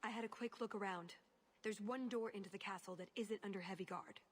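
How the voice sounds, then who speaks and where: A practical video game rogue, voiced by a woman, with a dry, matter-of-fact delivery. Her mid-pitched voice carries a husky, breathy grain. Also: a little fast, close to an everyday voice. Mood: wry. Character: practical, wry female rogue.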